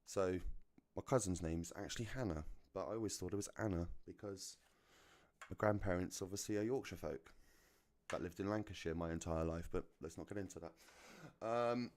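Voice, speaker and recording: A man's voice: low-pitched, normal speed, a little mellow. A British man with a neutral British accent, chatting casually while streaming a racing game, swearing freely and laughing at his own jokes. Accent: neutral British English. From United Kingdom. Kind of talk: casual chat while gaming.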